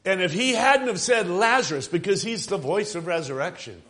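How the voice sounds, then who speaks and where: A man preaching with a somewhat high voice. He presses key phrases, swells and drops his volume, and checks in with the congregation as he goes. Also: expressive, moderate pace, fairly bright tone. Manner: emphatic, rising and falling for emphasis, calls out to the congregation. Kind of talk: sermon.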